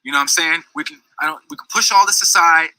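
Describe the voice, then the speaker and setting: A man's voice: fairly high pitch, quick pace, bright, forceful tone, no room sound, rough recording. Heated, rambling man telling a story. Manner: heated, rambling, many restarts and "you know what I'm saying". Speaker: storyteller recounting a dispute. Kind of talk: casual storytelling.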